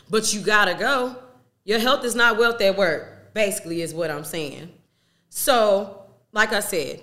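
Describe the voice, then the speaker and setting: Bright-voiced candid young woman. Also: medium pitch. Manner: candid, emphatic, uses slang and swearing. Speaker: podcast host. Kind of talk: casual talk to listeners.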